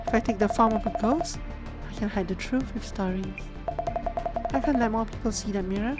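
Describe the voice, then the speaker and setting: A woman's voice: medium pitch, a little fast, close to an everyday voice. A woman voicing a bitter female killer who poses as a ghost, speaking in a cold, brooding monologue. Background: loud game music.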